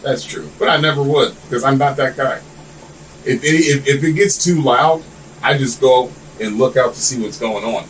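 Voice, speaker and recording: A man's voice: medium pitch, normal speed. A man guesting on a podcast, telling long, rambling stories in casual, profane chat. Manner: rambling, animated storytelling with lots of swearing. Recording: distant mic with faint air-conditioner hum.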